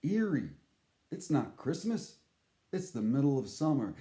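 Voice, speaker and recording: A man's voice: mid-range voice, sing-song, unhurried, mellow. Man rambling through a story, echoey room. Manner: rambling, profane, self-interrupting. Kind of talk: casual comic storytelling.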